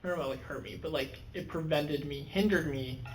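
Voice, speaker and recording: A man's voice: fairly high pitch, fast talker, a little hiss or hum, rough recording. A young man co-hosting a podcast, reflective and hesitant, often searching for his words. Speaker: podcast co-host. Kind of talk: casual podcast chat.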